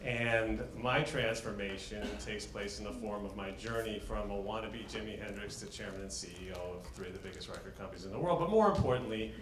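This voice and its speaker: A man's voice: fairly low pitch, fairly quick, few pauses, fairly bright tone, a little hiss or hum. A man from New York giving a personal storytelling talk with chatty, self-deprecating humor. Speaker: talk speaker. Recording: roomy echo.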